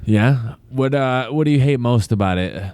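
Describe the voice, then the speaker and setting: A man's voice: medium pitch, moderate pace, a little mellow, clear, resonant tone, no room sound. A man co-hosting a comedy podcast, laid-back and agreeable. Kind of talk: casual comedy podcast chat.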